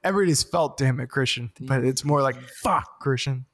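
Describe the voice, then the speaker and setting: A man in casual podcast chat who laughs often and jumps high when acting out his own swearing. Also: fast.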